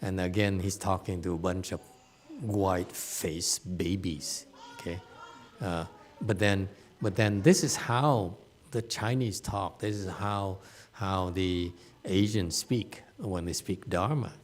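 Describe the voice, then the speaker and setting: A man's voice: sits low, slow. A man giving an informal Dharma lecture in a meditation hall, chatty and joking, laughing often and repeating words. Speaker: Buddhist teacher giving a Dharma talk.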